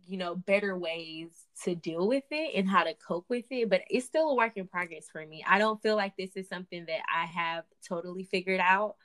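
A woman co-hosting a faith podcast, chatting expressively with frequent laughs and sudden upward swings in pitch. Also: fairly bright tone. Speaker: podcast co-host.

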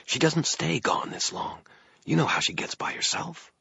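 A man's voice: fairly high pitch, sing-song, normal speed, gravelly, sharp tone, slightly rough, no echo, highs cut off, pitched above the performer's own voice, heavily acted. A man voicing a brawny young woman who speaks in a blunt, growling, tired way. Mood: urgent.

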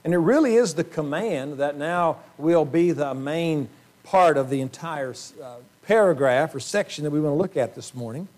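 Male pastor, slightly high voice, earnest sermon delivery with frequent throat-clearing. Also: moderate pace, darkish tone. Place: church sanctuary.

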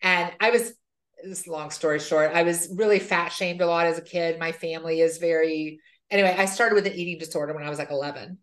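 A woman's voice: lowish voice, fairly even intonation, quick pace. A woman hosting a podcast, speaking candidly and relating her own experience. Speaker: podcast host. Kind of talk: casual chat.

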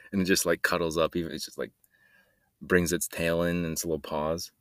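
A man's voice: low-pitched, level tone, moderate pace, long pauses, a bit bright, clean tone, no echo, studio quality. A man hosting a solo podcast, rambling and joking in a meandering way and trailing off mid-sentence. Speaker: podcast host.

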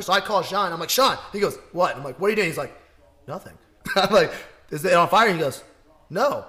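Bright-voiced young man telling rowdy stories. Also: high-pitched, fast talker. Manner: rambling, profane, laughing storytelling. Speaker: storyteller. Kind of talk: casual chat.

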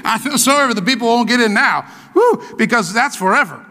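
A male pastor delivers an energetic sermon, shouting encouragement and prompting his congregation for responses. His voice is high, bright and cutting, leaping widely in pitch. It rings with the long reverb of a church sanctuary. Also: quick pace. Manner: exclamatory, call-and-response, keeps urging "come on".

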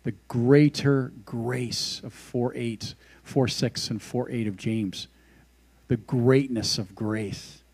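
A man preaching in an easygoing, conversational way, moving from stories to scripture and into prayer. His voice is mellow and warm, sitting at an ordinary pitch. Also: steady tone, takes it slowly, breathy edge. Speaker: pastor. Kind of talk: casual devotional sermon.

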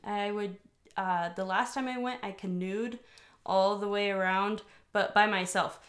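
A woman's voice: mid-range voice, fairly even intonation, a little slow. Woman just chatting on a podcast, giggly, rambles a lot. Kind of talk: casual chat.

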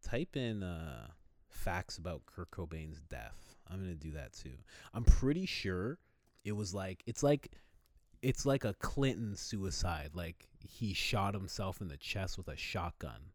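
Laid-back deep-voiced man, casual podcast chat. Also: lively intonation, a little slow, dry recording. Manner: loose, laid-back, swears freely, acts out quotes. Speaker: podcast co-host.

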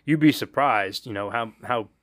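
A man's voice: medium pitch, moderate pace, dry recording, clean studio sound. A man who is a podcast guest, a former delivery driver now in private investigation, telling stories in rambling casual chat. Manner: relaxed, rambling talker who quotes his own thoughts.

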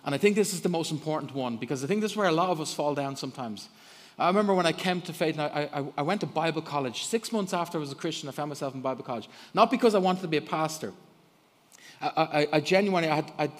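A middle-aged man preaching a sermon in church, telling stories with lots of laughs and repeated words. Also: on the high side. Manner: animated storyteller, laughs often, repeats words when starting. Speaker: guest preacher. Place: church hall. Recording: long hall reverb.

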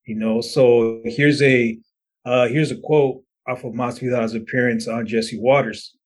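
Husky-voiced man relaying the news. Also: medium pitch, steady tone, unhurried. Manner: relays news stories, many "you know" and "pretty much". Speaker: podcast co-host. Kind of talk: casual news chat.

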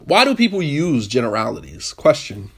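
A man giving a lively, interactive talk on marriage to a group, questioning the audience and repeating points for emphasis. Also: mid-range voice, normal speed, husky. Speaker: marriage workshop speaker.

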